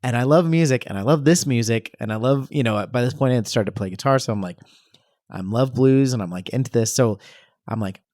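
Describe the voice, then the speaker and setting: A man's voice: mid-range voice, fairly quick, darkish tone, no room sound. Brief: male podcast co-host, easygoing, laughs a lot, dry close mic. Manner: self-deprecating, laughs often. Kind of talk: casual chat.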